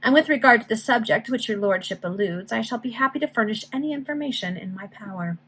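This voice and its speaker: A woman reading the part of a vain, evasive Victorian society lady with airy, affected politeness and a slightly husky voice. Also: on the high side, animated, fast talker, a bit bright, low-quality recording.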